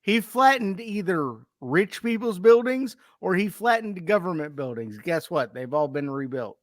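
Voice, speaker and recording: A man's voice: high voice, animated, a little slow, no echo, clean studio sound. A man co-hosting a podcast, recounting a bizarre story in casual chat, reading bits aloud and laughing often. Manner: laughs often, tells anecdotes with quoted dialogue. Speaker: podcast co-host.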